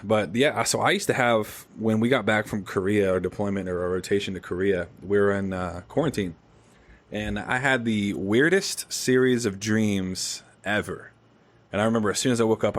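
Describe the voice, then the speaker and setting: Podcast host, young man, low voice, animated casual storyteller. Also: brisk. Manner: animated storytelling, swears freely. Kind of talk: casual chat.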